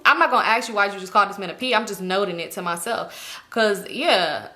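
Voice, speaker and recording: A young woman tells a story in relaxed slang, lively and quick to act out the people in it. Her voice sits at a middle pitch and sounds bright and forward. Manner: slangy, animated, acts out quoted people. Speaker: storytime vlogger. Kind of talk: casual storytelling.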